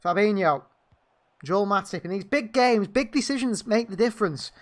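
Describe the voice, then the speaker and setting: A man with a high, animated voice calls a football match at a moderate pace as a partisan fan commentator. He narrates the play and lets loose indignant outbursts at the referee.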